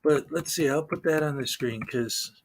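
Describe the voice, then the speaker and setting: A man's voice: a little high, normal speed, vocal fry. A man hosting a casual livestream, chatting with viewers in a rambling way, full of fillers and restarts. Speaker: livestream host.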